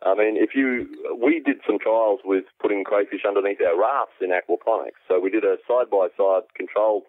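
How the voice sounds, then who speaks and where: Australian man, low voice, relaxed expert guest on a tinny phone line. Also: brisk. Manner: relaxed, explains at length with many ums. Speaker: aquaponics specialist guest. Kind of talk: explanatory interview answers. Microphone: phone call.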